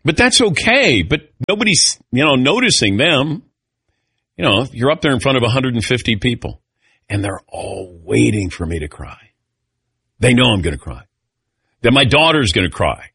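A man's voice: mid-range voice, moderate pace, vocal fry, slightly rough, dry recording, studio quality. A middle-aged man hosting a sports talk radio show, telling stories with animation and calling on his panelists. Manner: animated storyteller, calls on panelists.

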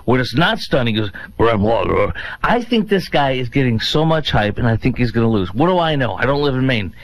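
A man's voice: big pitch swings, fairly quick, dry recording, rough recording. Sarcastic male talk radio host. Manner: sarcastic, mocking, exaggerated pitch swings. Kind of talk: opinionated political talk radio.

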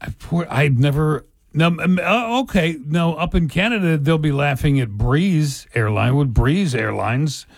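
A man's voice: fairly high pitch, a little slow, hardly any pauses, no echo. Radio host man, dry studio sound. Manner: relaxed, chuckling, stumbles for words. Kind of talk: morning radio banter.

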